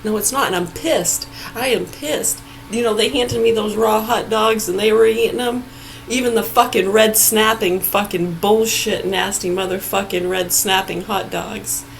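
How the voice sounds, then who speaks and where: A woman's voice: mid-range voice, steady tone, moderate pace, creaky, a little hiss or hum. A woman on a swearing, angry rant, laughing between outbursts.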